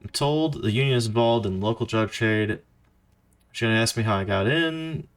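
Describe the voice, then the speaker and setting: A man's voice: lowish voice, normal speed. A young man streaming a game for the first time, joking and reading dialogue choices aloud. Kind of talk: casual let's-play commentary.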